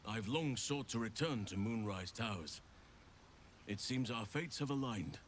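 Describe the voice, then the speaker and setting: An actor voicing an earnest man who offers to join the group in a fantasy video game, speaking in a measured, formal way. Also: lowish voice, expressive, a little hiss or hum.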